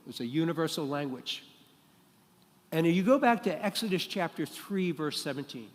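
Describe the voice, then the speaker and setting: A man preaches a sermon from the front of a church, his voice pitched a little high. He teaches like a classroom lesson and keeps asking his listeners questions. The sound rings with a long reverb from the hall. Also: expressive, normal speed. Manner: teacherly, asks the congregation questions. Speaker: pastor. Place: church sanctuary.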